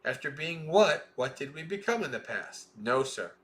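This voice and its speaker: A man reading a Buddhist scripture aloud in a slow, measured way, with plain explaining asides between passages. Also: on the high side, sing-song, fairly bright tone. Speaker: Dhamma reader.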